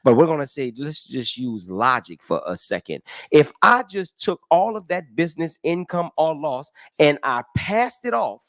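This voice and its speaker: A man's voice: a little high, moderate pace, few pauses, no room sound, clean studio sound. A man giving a casual, emphatic tax lesson, walking through a form line by line and asking his listeners rhetorical questions. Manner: emphatic and animated, with rhetorical questions and folksy talk; walks through a form line by line, counting aloud. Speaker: tax educator. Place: live stream with comments.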